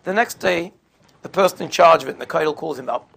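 Man, sermon storytelling, gravelly, higher-pitched, conversational. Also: a little fast, fairly bright tone. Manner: conversational, sprinkles in Yiddish and Hebrew terms. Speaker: religious speaker.

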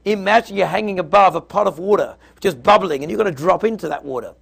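A man with a somewhat high, gravelly voice teaches a Torah lesson. He talks in a relaxed, conversational way and walks through stories and texts step by step. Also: quick pace. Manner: conversational storytelling, explains step by step.

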